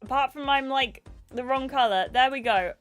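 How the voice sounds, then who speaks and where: A woman's voice: high voice, moderate pace, faint music behind. A woman livestreaming herself playing a game, chatting in scatterbrained asides with frequent giggles, speaking into a webcam setup at her desk. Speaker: gaming streamer. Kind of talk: live gameplay commentary.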